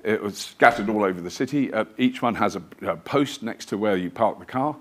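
Telling rambling, self-deprecating stories in a chatty style, this man is a guest lecturer addressing a live audience in a museum lecture theatre. He talks fairly quickly in a lowish, slightly bright voice.

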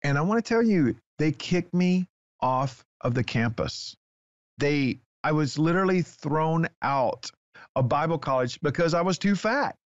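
Man, guest author, excitable testimony, dry and slightly dull studio audio. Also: fairly high pitch, a little slow, no echo. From Texas. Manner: excitable storyteller, acts out dialogue. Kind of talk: animated personal testimony.

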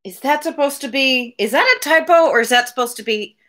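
Her voice sits high, a little bright, and moves along fairly quickly as she reads a novel to her livestream audience. This daily read-aloud comes from a home room with window blinds, broken up now and then by friendly remarks to viewers.

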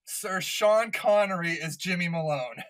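A man's voice: sits high, a little slow. A tipsy man on a podcast, recapping a film plot and laughing easily in casual chat. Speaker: podcast host.

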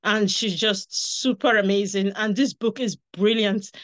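A woman giving a heartfelt, halting tribute over a video call, drawing out her words. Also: mid-range voice, fairly even intonation. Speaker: guest speaker, daughter of the author. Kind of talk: emotional tribute speech.

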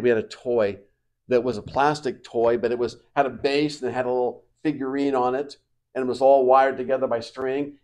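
A male pastor preaching a sermon, swinging between quiet reflective passages and loud, emphatic declarations. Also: medium pitch. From United States.

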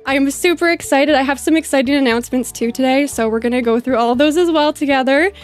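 A woman's voice: high-pitched, fast, faint music behind. A woman hosting a live stream, gushing and bubbly as she thanks her chat one by one.

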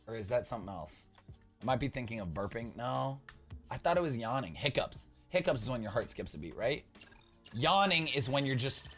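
Bright, lively young man rambling over gameplay. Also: medium pitch. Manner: rambling, joking, swings into loud playful outbursts. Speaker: gaming YouTuber. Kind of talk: casual gaming commentary.

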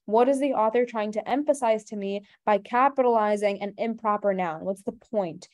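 A woman tutor gives a brisk webinar lesson in a mellow, darker voice. She explains step by step and keeps asking rhetorical questions to guide her students. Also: mid-range voice. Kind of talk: online webinar teaching.

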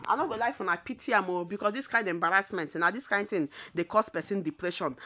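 Nigerian woman, gossip vlogger; emphatic, repeats herself, quick to laugh. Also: lowish voice, sharp tone. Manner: emphatic and repetitive, often laughing. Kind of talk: casual gossip commentary.

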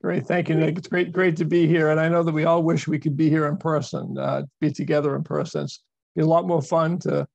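A man's voice: on the high side, flat delivery, brisk, gravelly, a little mellow, no room sound, dull audio. A man giving a virtual presentation as a university speaker, explaining at length and repeating words for emphasis. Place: video call. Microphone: video call microphone.

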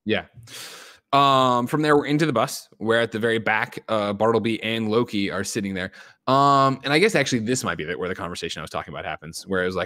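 Brief: podcast host in his thirties, low voice, dry close sound, acts out film quotes. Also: bright, forceful tone, no room sound. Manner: retells scenes, quoting characters in quick put-on voices. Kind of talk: casual recap and chat.

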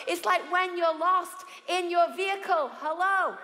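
A woman pastor preaching a sermon, lively and humorous, acting out the voices she quotes. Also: very high voice, measured pace. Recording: echoey hall with long reverb.

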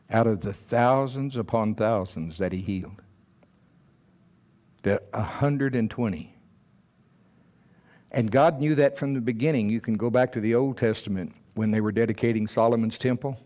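A man preaching a sermon in a church, acting out scared Bible figures in a high, strained voice. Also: a little mellow. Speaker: pastor. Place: church sanctuary.

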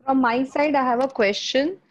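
A woman's voice: high voice, steady tone, moderate pace. Muffled woman moderator asking questions. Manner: questioning, relays audience queries. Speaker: webinar moderator. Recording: muffled call audio.

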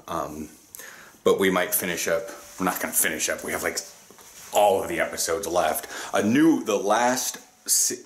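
Low-voiced man chatting in a vlog. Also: fairly bright tone. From US Pacific Northwest. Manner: chatty, profane, laughs often. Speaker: vlogger. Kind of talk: casual vlog chat.

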